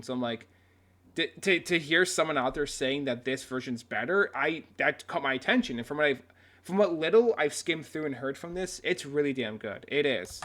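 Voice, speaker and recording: A man's voice: on the high side, expressive, a little fast, fairly bright tone. A man hosting a casual reaction video who rants, swears often and restarts his sentences a lot. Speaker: video host.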